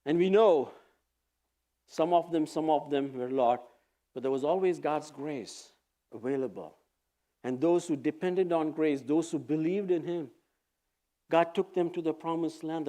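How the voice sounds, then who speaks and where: A man preaching a sermon in an earnest, exhorting manner, reading scripture aloud with pauses. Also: fairly high pitch, dark tone. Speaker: pastor.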